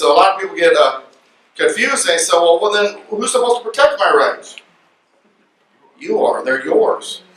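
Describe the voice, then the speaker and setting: A man speaking to an audience at a luncheon, animated and joking as he lectures. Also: a little high. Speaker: guest speaker. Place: luncheon event room. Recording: echoey room from far off, faint noise.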